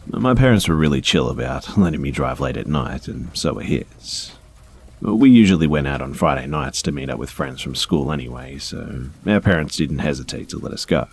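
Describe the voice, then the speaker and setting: A man calmly reading first-person scary stories aloud, in a measured storytelling manner. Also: a bass voice, slight background noise. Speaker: story narrator.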